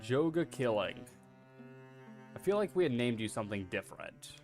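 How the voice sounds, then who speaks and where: A man's voice: mid-range voice, very animated, moderate pace, gravelly, faint music behind. Rambling, foul-mouthed male streamer. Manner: rambling, swears freely, self-deprecating. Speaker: VTuber streamer. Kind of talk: casual livestream chatter.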